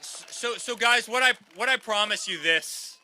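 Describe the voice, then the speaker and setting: A man in his thirties gives a repetitive campaign rally speech, a little slowly, calling the crowd "guys" as he fires them up. His voice is high, pushed and bright, with slight background noise.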